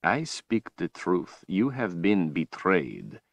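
A cruel tyrant wizard, as a man puts him on in an audiobook, drawling each taunt slowly and swinging his low voice up and down with mocking relish. The sound is close and dry, with no room around it. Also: huge pitch swings, no room sound, exaggerated voice. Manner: slow, taunting, drawn-out delivery. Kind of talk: audiobook character voice.

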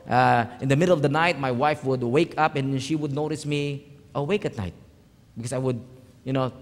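Pastor preaching in a reverberant hall. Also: male voice, medium pitch. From Philippines. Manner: storytelling, swings from hushed to loud emphatic. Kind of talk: sermon. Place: church hall.

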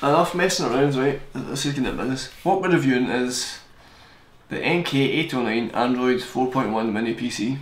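A young man reviewing a gadget on camera in a fast, joking, rambling way. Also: mid-range voice. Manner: fast-talking, joking, digressive. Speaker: tech reviewer. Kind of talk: casual rambling product review. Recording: echoey room, faint hiss.

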